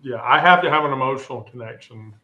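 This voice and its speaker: A man in a casual group chat, candid and blunt, often laughing loudly. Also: mid-range voice, fast talker, muffled recording.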